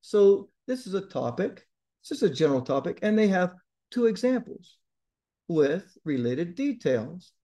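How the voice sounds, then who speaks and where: A male tutor speaking directly to his students in a lesson. His voice sits a bit high and has a warm, mellow tone. He talks with blunt emphasis and keeps pushing them to do well. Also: big pitch swings, measured pace. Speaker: TOEFL tutor.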